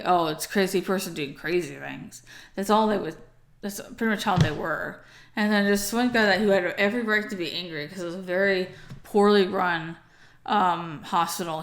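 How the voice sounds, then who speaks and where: A young woman casually recounting a story in a rambling way, with lots of fillers and restarts, sounding tired. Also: mid-range voice.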